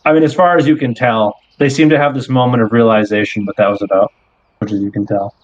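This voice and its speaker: A game master narrates a tabletop game in a loose, unhurried style, saying "like" a lot and restarting small bits of sentences. His middle-pitched voice has fairly even intonation. The recording is dry and somewhat dull, with no room sound.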